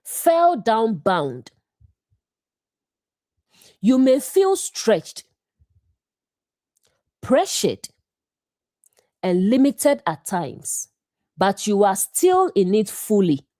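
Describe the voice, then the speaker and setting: A woman delivers a scripted devotional Bible lesson in short, deliberate phrases. Her pace is unhurried and her voice is mellow, while her pitch moves with lively rises and falls. The sound is close and dry. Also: dry recording. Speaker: bible teacher.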